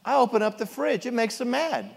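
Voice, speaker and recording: Animated preacher in a reverberant hall. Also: male voice, very high-pitched, fairly quick, creaky. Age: middle-aged. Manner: animated, jokey storytelling preacher. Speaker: pastor. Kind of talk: sermon. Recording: long reverb of a large hall.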